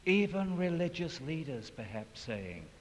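A male preacher delivers a sermon at an unhurried pace, his voice sitting somewhat high. He is dramatic, climbing to loud passages and sinking back to near hushed ones. The recording carries a long hall reverb and a faint hiss underneath. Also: big pitch swings. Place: large hall.

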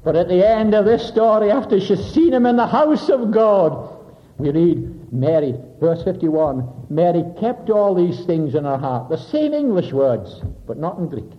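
A man preaching with a high, very lively voice that swoops up and then sinks to a hushed low tone for emphasis. He dwells on the meanings of Greek words. The recording is dull and lo-fi. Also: measured pace. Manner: dramatic, drops to soft low voice for emphasis; expounds Greek word meanings. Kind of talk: sermon.

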